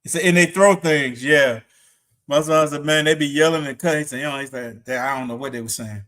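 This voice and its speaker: A middle-aged man chatting on a livestream from home, with a voice that sits somewhat high for a man. He tells stories in an animated way, laughing often and acting out other people's lines. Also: brisk. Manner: animated storyteller, laughs often, acts out quotes. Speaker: livestream co-host. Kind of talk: casual chat.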